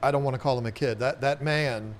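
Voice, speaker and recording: A man's voice: medium pitch, a little fast, a little hiss or hum. A man with a Southern US accent hosting a casual live chat, rambling and repeating words as he talks. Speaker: aquarium channel host.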